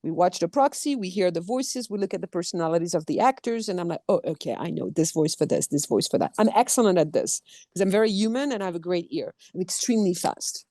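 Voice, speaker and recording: Woman, expressive storyteller, conversational interview, dry sound. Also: lowish voice, fast talker, no echo. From France. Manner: animated storyteller acting out quotes, restarts often. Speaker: actor and dub producer. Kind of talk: casual interview chat.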